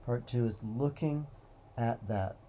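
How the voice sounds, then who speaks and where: A man hosting a motivational talk, speaking in a calm, reflective way with slow, repeated phrases. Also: medium pitch, slight background noise. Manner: calm, repetitive, drawn-out phrasing. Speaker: host.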